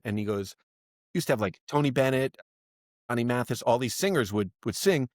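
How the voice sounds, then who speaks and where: A middle-aged male comedian telling animated stories as a podcast guest, acting out quotes. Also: mid-range voice, moderate pace, no echo, studio quality. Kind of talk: casual storytelling.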